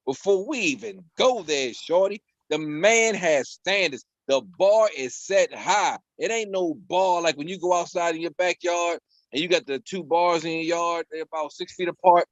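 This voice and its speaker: A man co-hosting a casual panel debate over a video call, animated and joking, swearing freely and repeating himself. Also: high-pitched, normal speed, no room sound. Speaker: talk show co-host. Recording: dull lo-fi video call audio.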